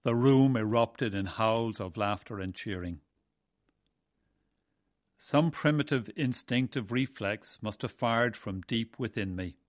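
A man from Ireland, narrating a memoir of his seafaring days in a measured, wry way. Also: lowish voice, no echo. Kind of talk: first-person storytelling.

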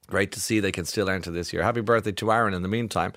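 A man's voice: sits low, fairly even intonation, fast, hardly any pauses, fairly bright tone, no room sound. A man hosting a radio show, chatting wryly and reading out listener texts in a studio. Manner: chatty, wry. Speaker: radio host.

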